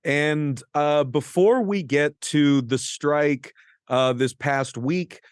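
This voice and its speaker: A man's voice: on the high side, takes it slowly, clear, resonant tone, no echo. Earnest male interview host, dry studio sound. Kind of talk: scripted introduction and interview questions. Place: radio studio.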